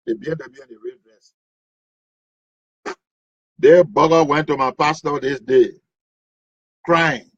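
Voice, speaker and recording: A man's voice: fairly high pitch, unhurried, long pauses, husky, no room sound, dull audio. A man, a stand-up comedian telling a comic story and acting out the voices. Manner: animated, acts out voices.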